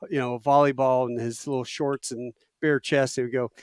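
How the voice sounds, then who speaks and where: Clear and resonant, his medium-pitched voice moves at a brisk clip in a studio-quality recording without room sound. The late-fifties host chats through stories, frequently laughing and belting out drill instructor imitations with lively energy.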